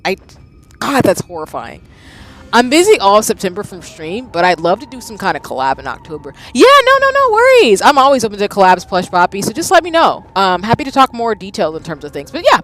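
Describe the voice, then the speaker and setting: A woman in her thirties talks through a live game stream, her pitch leaping and dropping as she reacts. She bursts into loud exclamations, then settles back into chatting with her viewers. Faint game music runs under her voice. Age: 30s.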